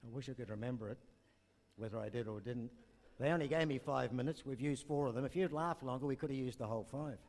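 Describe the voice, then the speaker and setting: A man's voice: mid-range voice, fast talker, darkish tone. An older man doing stand-up at an awards night, rambling through jokes and asides. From New Zealand. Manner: rambling joke-teller with asides. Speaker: comedian. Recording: long reverb in a hall.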